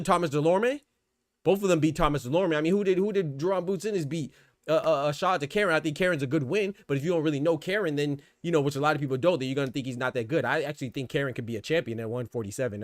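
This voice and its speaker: A young adult man with a slightly higher voice talks boxing in a casual, opinionated way, repeating himself and restarting his sentences as he builds a point. His slangy, emphatic delivery sounds close and dry, with no room sound around it. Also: no echo. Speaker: boxing podcast host.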